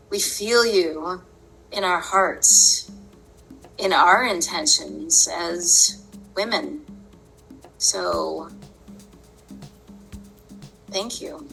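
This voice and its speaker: A woman hosting a podcast, telling a personal story in an earnest, unhurried way and often breaking into laughter. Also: mid-range voice, gravelly, sharp tone, low-quality recording. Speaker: podcast host.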